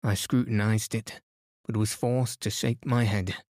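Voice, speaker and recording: Slow, soothing bedtime narrator, man. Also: fairly low pitch, no room sound, clean studio sound. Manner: soft, steady, soothing. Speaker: sleep podcast narrator. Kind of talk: calm bedtime audiobook reading.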